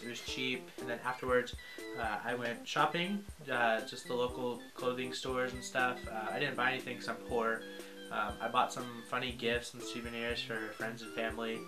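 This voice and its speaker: A man's voice: medium pitch, rough recording. A young American man casually recapping his tour day, rambling with lots of fillers. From United States. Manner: relaxed, rambling, lots of likes and ums. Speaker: vlogger on a choir tour. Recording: music playing underneath.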